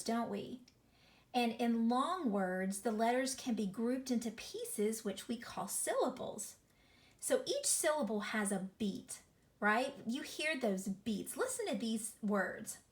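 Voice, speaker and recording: A woman teacher giving a recorded reading lesson to children, sounding out words slowly and asking the class lots of tag questions. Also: a little high.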